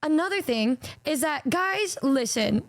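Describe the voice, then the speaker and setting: A woman streamer telling stories to her chat in a casual, animated way, swearing freely. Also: high voice, a little slow, no echo, clean studio sound.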